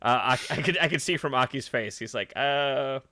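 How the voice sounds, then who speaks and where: A man hosts a casual live stream in a bright, sharp voice. His pitch jumps around animatedly as he jokes and reads out viewers' names. The sound is dry and close. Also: normal speed, no echo. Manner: animated, jokey, reads chat names aloud. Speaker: podcast host.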